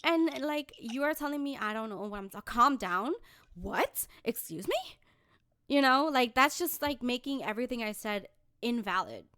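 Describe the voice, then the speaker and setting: A young woman co-hosts a casual podcast, sassy and emphatic, laughing and swearing as she talks. Her voice sits a little high. The recording is dry and close, with no room echo. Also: animated, fairly quick, a bit bright, clear, resonant tone. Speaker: podcast co-host. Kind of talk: casual chat.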